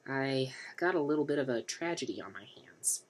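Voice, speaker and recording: A man's voice: mid-range voice, lively intonation, normal speed, natural voice. A man voicing a sheepish, embarrassed young man who stammers and rambles through his story.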